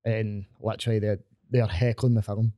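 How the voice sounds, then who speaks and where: A man's voice: lowish voice, little pitch movement, normal speed, dark tone, no room sound. A man with a Scottish accent, a stand-up comedian telling stories and trading crude, swearing banter as a podcast guest in a studio.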